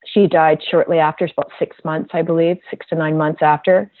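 A woman health practitioner telling a heartfelt story about a patient in a gentle, earnest way. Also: low-pitched, little pitch movement, no echo. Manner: slow, gentle and earnest, emotional at times. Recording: tinny phone-like line, dry.

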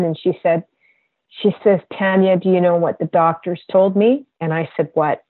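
A woman health practitioner telling a heartfelt story about a patient in a gentle, earnest way. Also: on the low side, steady tone, no room sound. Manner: slow, gentle and earnest, emotional at times. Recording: tinny phone-like line, dry.

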